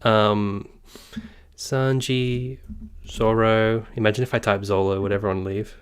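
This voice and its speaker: A man's voice: lowish voice, a bit bright. A man hosting a casual live stream who rambles, apologizes often, jokes and keeps interrupting himself.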